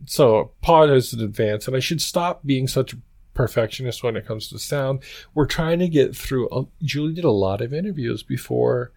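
A man co-hosts a podcast in relaxed conversation. He rambles, apologizes and laughs his way through explanations. His voice sits at an average pitch. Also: normal speed, gravelly. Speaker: podcast co-host and editor. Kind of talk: casual chat.

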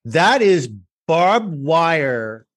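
A man's voice: on the high side, sing-song, very slow, a bit bright. A man hosting a casual chat, reacting with jokes, laughs and frequent swearing. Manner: reactive, joking, swears freely.

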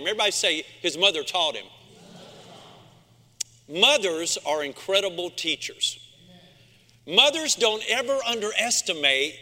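A man's voice: high-pitched, pushed and bright. A male pastor preaching a sermon, emphatic, calling out to his congregation in a church sanctuary. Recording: long reverb in a large room.

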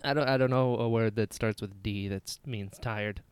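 A man's voice: on the low side, normal speed, clear, resonant tone, dry recording. A man co-hosting a podcast in casual chat, tired and joking with a wry, laugh-prone manner. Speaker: podcast co-host.

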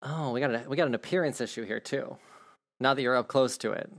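A man's voice: medium pitch, fast talker. A man acting as game master, explaining rules casually and swearing now and then. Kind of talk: running a tabletop game.

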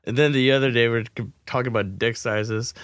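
A man's voice: medium pitch, fairly even intonation, fast, a crowd in the background. A man co-hosting a casual podcast, telling stories in a rambling, laughing way and swearing freely. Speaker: podcast co-host. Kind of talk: casual storytelling banter.

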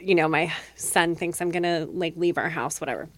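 Lower-voiced woman rambling through a story. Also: a little fast, fairly bright tone, no echo, studio quality. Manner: rambling storyteller, fills with "like", laughs often. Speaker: podcast host. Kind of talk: casual chat.

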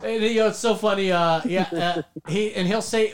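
A man's voice: high-pitched, unhurried. A man hosting a podcast, telling profane, joking stories in casual chat. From Filipino heritage. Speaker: podcast host.

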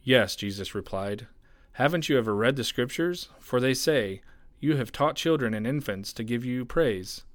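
A man reads the Bible aloud in a measured, expressive way, his voice at a middle pitch. The sound is close and dry, with no room around it. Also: dry recording. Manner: measured, expressive scripture reading that lifts for quoted shouts. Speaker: pastor reading scripture. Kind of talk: Bible reading.

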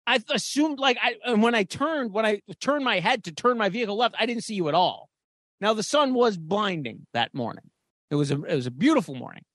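A man's voice: sits high, lively intonation, brisk, a bit bright, no room sound, studio quality. A man co-hosting a podcast, telling a story in casual chat and swearing freely. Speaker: podcast co-host.

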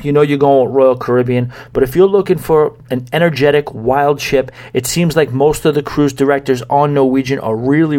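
A man's voice: a little high, a little mellow. A man hosting a podcast, talking casually and rambling, now and then getting fired up in mock rants. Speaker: podcast host. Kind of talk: casual solo podcast talk.

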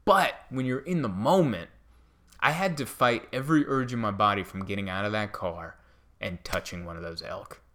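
Bright-voiced man in a comic ramble. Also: lowish voice, normal speed. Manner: animated, self-mocking storytelling. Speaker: comedian podcast host. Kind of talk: casual comedic monologue.

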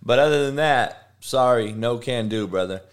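A man's voice: mid-range voice, moderate pace, smooth. A middle-aged man hosting a live show, a football coach who rants and trash-talks with constant swearing. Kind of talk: profane live-stream rant.

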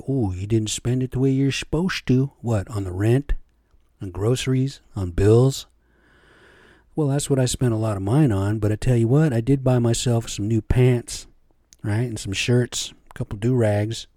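Man, middle-aged, solo podcast rant, profane, rambling, mellow dark tone, dry close sound. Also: on the low side, dry recording. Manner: rambling, profane, rhetorical questions. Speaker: podcast host. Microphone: cheap home podcast setup.

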